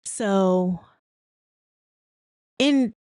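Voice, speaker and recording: A woman's voice: medium pitch, very slow, darkish tone, clean tone, no echo, studio quality. A woman hosting a casual recap show, retelling the dialogue in a chatty, storytelling way with candid, opinionated asides. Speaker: host of a reality TV recap show.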